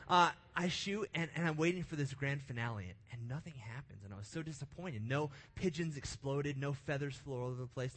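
A young man telling a funny story to a room, his voice sitting a little high for a man. He is lively and mocks himself, jumping from loud bursts to quiet asides. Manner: animated, self-mocking, swings between loud and hushed. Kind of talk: live comedic storytelling to an audience.

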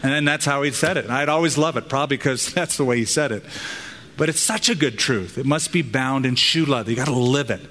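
Male pastor, emphatic preacher with pauses, church hall reverb. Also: mid-range voice, a bit bright. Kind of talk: sermon. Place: church auditorium.

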